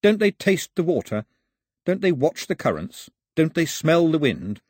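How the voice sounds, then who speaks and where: A man voicing an earnest young island boy who keeps pressing with proud, puzzled questions, in a husky voice. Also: fairly high pitch, big pitch swings, measured pace, darkish tone, dry recording, clean studio sound, pitched above the performer's own voice. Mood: insistent.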